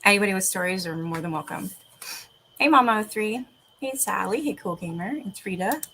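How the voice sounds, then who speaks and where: A woman's voice: medium pitch, animated, brisk, pushed and bright, slight background noise, poor audio. A woman streaming, chatting with viewers, laughing often, then reading spooky stories aloud. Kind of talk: casual livestream chat and reading aloud.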